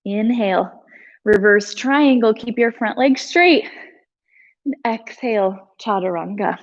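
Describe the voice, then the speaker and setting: Slow-paced woman leading a yoga class. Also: medium pitch, highs cut off. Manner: calm breath cues with chatty asides. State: slightly out of breath. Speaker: yoga instructor. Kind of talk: live yoga class cueing.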